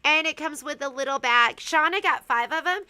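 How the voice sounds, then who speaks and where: Middle-aged woman, shop host, chatty and bright, high voice, casual demo talk. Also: normal speed. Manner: chatty, explains sewing steps with fillers. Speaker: sewing shop stream host. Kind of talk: casual chat.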